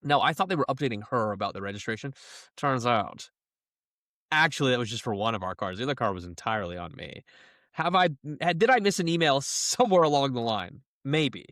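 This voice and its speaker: A young man co-hosting a podcast in casual chat, animated and laughing as he acts out the people he quotes. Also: mid-range voice, brisk, no echo, clean studio sound. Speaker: podcast co-host.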